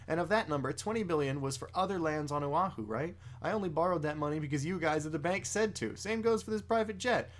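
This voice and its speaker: A man's voice: a little high, lightly acted. Brief: indignant rich villain tycoon, read by a man, close to his own voice. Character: petulant rich male villain businessman.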